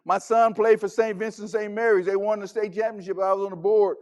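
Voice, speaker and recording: A man delivers a motivational keynote in a high voice. He tells personal stories with emphasis and acts out each exchange. He speaks with the force of a practiced stage speaker. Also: fairly even intonation, brisk, darkish tone. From Texas. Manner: dramatic, acts out dialogue, emphatic.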